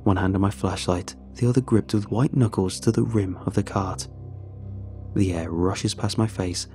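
A man narrating a first-person horror story in a measured, tense way. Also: lowish voice, warm tone.

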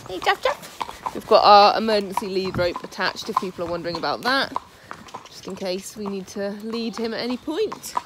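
A woman's voice: mid-range voice, sing-song, moderate pace. A woman vlogging casually from horseback on a country track, chatting and praising her pony. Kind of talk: casual vlog narration. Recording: noisy outdoor phone recording.

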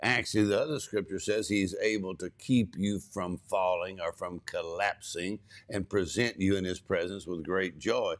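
A man minister teaching scripture in a steady conversational way, explaining verses and affirming his co-host. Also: low-pitched.

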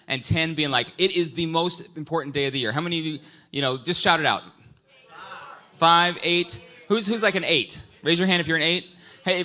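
A bright, forceful-voiced middle-aged man preaching a sermon. He sits a little high for a man and keeps quizzing his congregation in a lively, playful back-and-forth. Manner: prayerful, quiet and hushed when praying. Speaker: pastor. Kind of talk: sermon with audience interaction.

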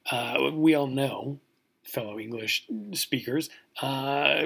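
A man's voice: mid-range voice, takes it slowly, vocal fry, fairly bright tone, slightly rough. A man from California with a Californian accent, giving a recorded college lecture in a joking, mock-outraged way and often asking "right?".

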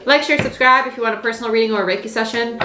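A woman's voice: a little high, very fast, bright, forceful tone. Chatty young woman reading tarot, echoey room. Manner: chatty, blunt and encouraging, with playful exclamations. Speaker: tarot reader. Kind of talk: casual tarot reading monologue. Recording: echoey room with faint noise.

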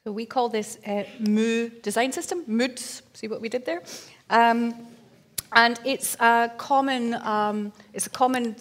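A woman presents on a conference stage, her voice sitting a little high. She talks her listeners through her team's work in an explanatory way, with a few fillers and a playful aside. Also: a little slow. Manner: explanatory, with fillers and light wordplay. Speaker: conference speaker. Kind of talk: conference talk.

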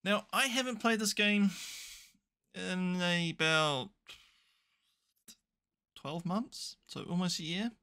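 A man's voice: sits high, slow pace, pauses often, bright, forceful tone, clean tone. A young man commentating a management game, chatty and thinking aloud with dry, self-mocking asides. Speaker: gaming YouTuber. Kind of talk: casual let's play commentary.

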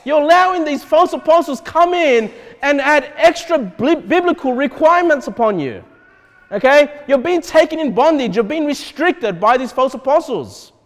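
Animated high-pitched male pastor. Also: moderate pace, in a large hall. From Australia. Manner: animated, repeatedly checks in with "okay?". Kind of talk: expository sermon. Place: church.

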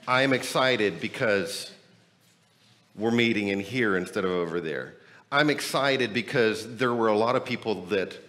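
A man preaching as a pastor, energetic and emphatic, asking rhetorical questions while he is losing his voice. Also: fairly low pitch. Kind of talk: sermon and church announcements. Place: church building, temporary meeting room.

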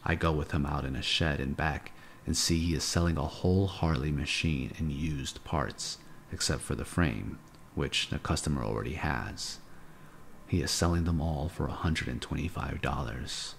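A man reading a novel aloud as a live audiobook narrator, in a measured, unhurried way. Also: a bass voice, creaky, a little hiss or hum.

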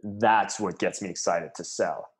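A man's voice: deep voice, fairly even intonation, a little slow. A man being interviewed on a podcast, telling sales stories with enthusiasm and animation. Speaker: sales and marketing leader, guest.

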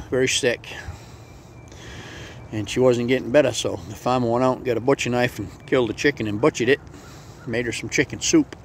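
A man's voice: medium pitch, slight background noise. A man hosting a motivational vlog, telling a folksy story in a friendly, plain-spoken way. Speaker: vlog host.

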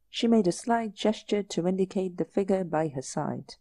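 A woman narrating an audiobook in a measured, unhurried storytelling manner. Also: mid-range voice, lively intonation, dark tone, no room sound.

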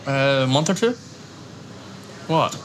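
A man's voice: medium pitch, slow pace, a little hiss or hum, close to an everyday voice. An actor playing a young man with dry, wisecracking banter with his girlfriend. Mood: wry. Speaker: boyfriend.

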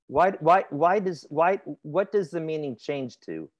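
A male instructor with a fairly high voice teaches a grammar class in a chatty, informal style. He speaks expressively at a measured pace, pausing to question his students and laughing easily.

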